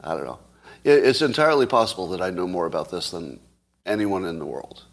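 A man in his fifties or older with a slightly husky, lowish voice hosts his own show, talking straight to his viewers. He is playfully boastful and fond of hyperbole. He deliberately moves between a slow, soothing calm and a faster, worked-up delivery. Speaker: show host. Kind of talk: casual monologue to viewers.

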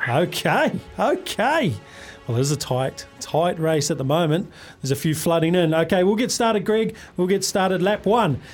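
A man's voice: high voice, expressive, a little slow, soft background music. A man hosting a radio sports quiz, chummy and upbeat, calling callers mate. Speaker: radio sports show host.

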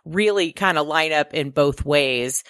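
A woman co-hosts a casual book-talk podcast with a low voice. She talks in an animated way, laughs often and acts out quoted lines in exaggerated voices. The recording is dry and close. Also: unhurried, no room sound. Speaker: podcast co-host. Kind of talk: casual chat.

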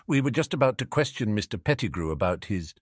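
A man voicing a calm, genial elderly headmaster in an audiobook reading, speaking in a measured way. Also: fairly low pitch, slightly rough, no echo, studio quality.

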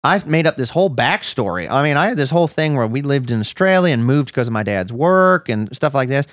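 A man guesting on a podcast tells his personal story with lively intonation, speaking a little fast at medium pitch. He is reflective and self-deprecating and restarts often, and the studio sound is clean with no room sound.

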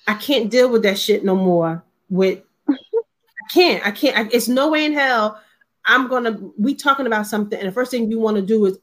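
A woman's voice: a little high, normal speed. A woman talking bluntly and emphatically in a casual panel discussion, swearing freely and mimicking others' lines.

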